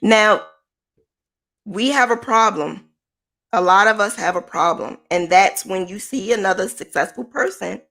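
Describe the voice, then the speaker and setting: A woman mentoring her viewers in a personal, motivational talk to camera. She speaks candidly and conversationally, leaning hard on key words. Her pitch rises and falls sharply as she drives her points home. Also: moderate pace, gravelly. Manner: candid, emphatic, conversational, with lively pitch swings. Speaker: small business owner and mentor.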